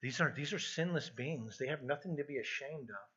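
Husky man preaching an emphatic sermon. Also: medium pitch, fairly quick, pushed and bright, highs cut off. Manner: earnest, emphatic, with frequent restarts. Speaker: pastor. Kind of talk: expository sermon.

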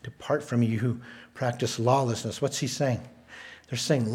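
Delivering a sermon, a pastor speaks in a measured yet emphatic manner, using repeated words to hammer home each point. His voice has a typical male pitch and a somewhat dark tone.

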